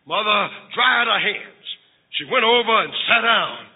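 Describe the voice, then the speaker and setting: A preacher with a very high, husky voice tells a sermon story and climbs into impassioned shouts. The recording is tinny and phone-thin, with a long echo of a large hall. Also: male voice, expressive, unhurried. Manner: dramatic, rising to impassioned shouts. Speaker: pastor.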